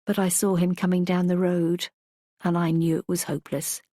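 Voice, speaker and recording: A woman narrating a first-person audiobook in a measured, reflective way. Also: on the low side, flat delivery, mellow, no room sound, studio quality.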